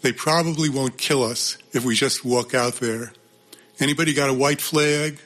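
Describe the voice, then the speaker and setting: A man's voice: mid-range voice, steady tone, moderate pace, a bit bright, close to an everyday voice. Earnest young boy leader read by a man, protective, pleading.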